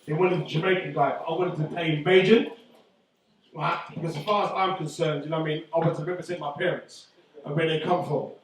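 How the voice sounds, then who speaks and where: A middle-aged man doing stand-up comedy, loud and swearing as he teases the crowd. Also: on the high side, fairly even intonation, fast, recorded from a distance. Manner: loud, swearing, teasing banter. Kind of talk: stand-up comedy with audience banter. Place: indoor comedy venue. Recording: echoey room, voice from afar, faint noise.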